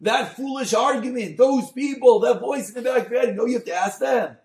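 A man, a rabbi, giving a Torah class on a Mussar text, mixing Hebrew terms into English and swinging from soft to loud. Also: extremely high pitch, a little fast, roomy sound. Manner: expressive, dynamic delivery, swings from soft to loud.

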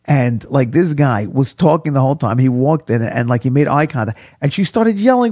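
A man teaching a casual Torah class, chatty and animated, mixing in Hebrew quotes as he tells stories. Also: on the high side, moderate pace, hardly any pauses, slightly rough, no room sound, studio quality. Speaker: rabbi teaching Pirkei Avos.

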